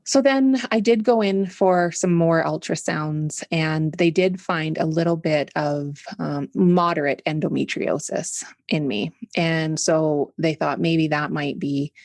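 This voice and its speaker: A Canadian woman in her forties speaks as an interview guest, candid and patient as she explains things. Her voice sits low with a gravelly edge. The sound is dry and close. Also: measured pace, hardly any pauses, darkish tone, dry recording. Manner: open, candid, explains step by step. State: tickle in throat from smoke. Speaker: podcast guest. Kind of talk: conversational interview.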